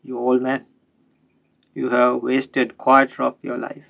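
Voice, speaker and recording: A man's voice: mid-range voice, monotone, slow, vocal fry, muffled recording. A man voicing a proud, arrogant young professor who lectures an old sailor condescendingly. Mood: scornful.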